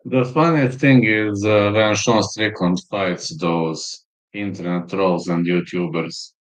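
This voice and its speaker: Low, slow-talking male stream host. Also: steady tone. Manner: blunt and crude, with frequent profanity; unhurried, with filler pauses. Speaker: livestream host. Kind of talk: casual live-stream chat, reading viewer comments.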